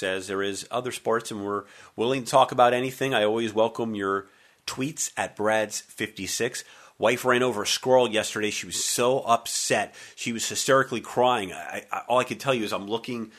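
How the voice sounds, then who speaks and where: A man hosting a sports talk radio show, talking in an energetic, joking, conversational way into a studio microphone. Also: on the low side.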